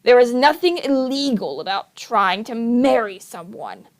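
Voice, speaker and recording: A woman voicing a scheming, villainous male count in a storybook reading, drawing out loud threats. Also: on the high side, lively intonation, unhurried. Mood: menacing.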